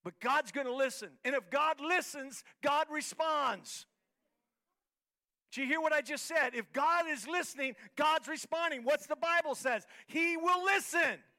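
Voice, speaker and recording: A pastor preaches at a live-streamed service in a church hall, his very high voice carrying a piercing, bright edge and moving a little slowly. He builds repetitive, rhythmic, emphatic lines, swinging from quiet talk to full shouts.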